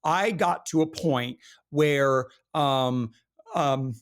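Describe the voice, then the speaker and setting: A man guest on a business podcast, talking in an earnest, animated way and telling stories with frequent restarts. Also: medium pitch, very slow, clear, resonant tone. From Michigan, USA. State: briefly emotional while recalling hard times. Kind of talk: casual interview talk.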